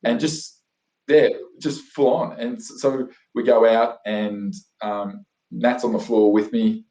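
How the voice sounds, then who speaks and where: A man's voice: mid-range voice, steady tone, slow, dark tone. An Australian man telling his story as an interview guest, enthusiastic and rambling, full of fillers and restarts. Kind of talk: animated storytelling in conversation. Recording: roomy echo.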